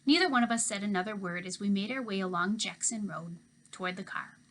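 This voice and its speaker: Bright-voiced woman reading a story aloud. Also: medium pitch, fairly quick. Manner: expressive first-person storytelling. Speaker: teacher. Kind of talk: reading a children's novel aloud.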